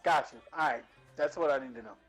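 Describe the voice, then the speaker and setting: A man's voice: mid-range voice, fast talker, soft background music. A man playing at a tabletop game, joking and bantering with the table. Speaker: player.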